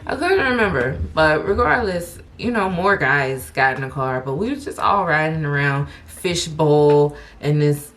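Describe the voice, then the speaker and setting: Young woman, fairly low voice, animated storyteller, curses freely, faint background hiss. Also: a little slow, hardly any pauses. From Chicago. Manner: animated, laughing, profane storyteller. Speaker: vlogger. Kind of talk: storytime vlog.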